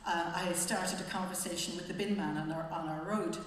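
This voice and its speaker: A woman's voice: on the low side, fairly even intonation, brisk. A woman from Wexford with a Wexford Irish accent, giving a public talk as a panel speaker presenting a book. She talks in a conversational, wry way with frequent hesitations. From Wexford, Ireland. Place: library event hall. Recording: very echoey hall, faint noise.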